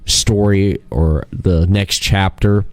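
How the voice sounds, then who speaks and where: Low-voiced man chatting on a podcast. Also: slow pace, no room sound. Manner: animated storyteller, laughs often, restarts. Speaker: podcast host. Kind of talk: casual chat.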